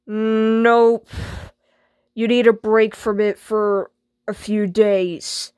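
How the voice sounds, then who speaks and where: A woman's voice: medium pitch, slow, clear, resonant tone, no room sound, studio quality. A woman playing the boss in a homemade skit, patient but firm and scolding.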